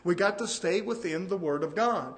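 High-voiced male preacher, animated sermon delivery. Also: moderate pace. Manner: animated preaching that swings from loud to hushed.

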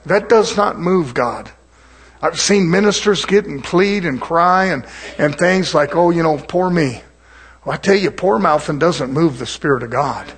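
A man's voice: a little high, expressive, a little slow, fairly bright tone. A man preaching a sermon, earnest and conversational, repeating phrases for emphasis and asking the congregation rhetorical questions.

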